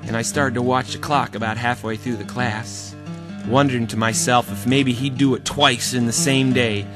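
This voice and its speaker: A male storyteller telling a funny school story in an animated way, sometimes singing. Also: mid-range voice, moderate pace. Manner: animated, sings the silly song. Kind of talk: live storytelling to music. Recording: reverberant hall, guitar behind.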